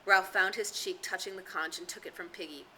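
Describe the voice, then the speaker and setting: A woman tutor reading a novel aloud with steady, expressive storytelling. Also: lowish voice, fairly quick, a little hiss or hum. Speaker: reader and tutor.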